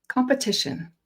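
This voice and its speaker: A woman co-hosting a podcast, chatting in a relaxed, animated way. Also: high-pitched. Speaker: podcast co-host. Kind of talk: casual conversation.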